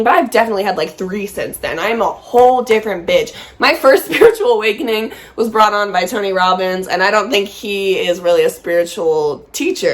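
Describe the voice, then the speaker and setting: A young woman hosting a casual vlog. She talks while smoking and high, rambling and swearing freely. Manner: rambling, profane, giggly; high and easily distracted. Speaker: vlogger and podcast host.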